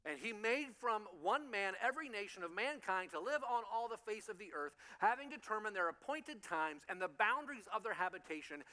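High, bright-voiced preaching man. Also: brisk, few pauses, big-room sound. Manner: animated storytelling, acts out voices, chuckles. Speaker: pastor. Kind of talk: sermon. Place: church sanctuary.

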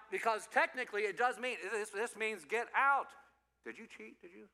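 A male pastor giving an animated, playful sermon to children and youth, quizzing the audience as he goes. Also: sits high, normal speed, long reverb tail. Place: church.

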